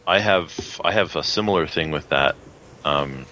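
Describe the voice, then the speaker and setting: A man with an extremely low voice and a bright, pushing edge co-hosts a podcast. He speaks haltingly, restarting phrases, and agrees readily with the others. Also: a little hiss or hum. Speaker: podcast co-host, shooting club president. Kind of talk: casual podcast chat.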